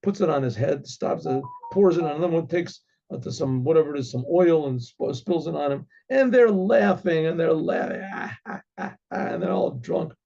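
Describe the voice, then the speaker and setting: A rabbi tells a story in a rambling, conversational way, clearing his throat often and restarting his sentences. His voice sits high, with a gravelly, husky texture. It comes through on a dull, lo-fi recording. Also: moderate pace, dark tone. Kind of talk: oral storytelling.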